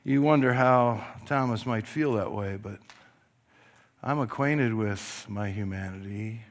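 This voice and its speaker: A middle-aged man preaching a sermon, telling the story with animated delivery that swings from loud to hushed and acting out voices. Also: on the low side, unhurried. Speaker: pastor.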